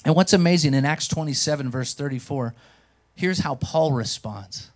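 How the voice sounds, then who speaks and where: A pastor preaching a sermon, telling stories with animation and speaking directly to the congregation. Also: male voice, on the high side, normal speed. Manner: animated storytelling, acts out quotes. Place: church.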